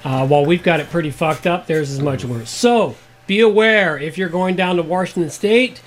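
A man's voice: a little high, normal speed, few pauses. A Canadian man co-hosting a podcast, giving sarcastic, profane commentary with emphatic stresses. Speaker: podcast co-host. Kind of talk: ranting political commentary.

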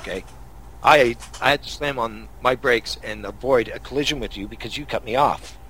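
A man's voice: medium pitch, normal speed, pushed and bright, slight background noise. A man from Canada hosting a podcast, telling angry road-rage stories in a profane, casual rant. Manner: angry, swearing storyteller. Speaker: podcast host.

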